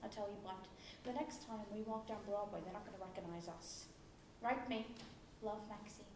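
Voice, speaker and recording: An actress on a stage playing a lively woman who reads out a chatty, gushing letter from England. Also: mid-range voice, moderate pace, natural voice. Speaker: stage actor. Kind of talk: stage play reading a letter aloud. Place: theatre stage. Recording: echoey theatre, from far off, faint noise.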